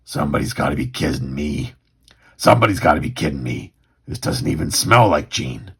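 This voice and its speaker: Wolverine, a man growling gruff and gravelly. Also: extremely low pitch, animated, brisk, exaggerated voice. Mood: wry. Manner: terse, wry tough-guy inner monologue. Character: gruff mutant loner hero, middle-aged man, sardonic.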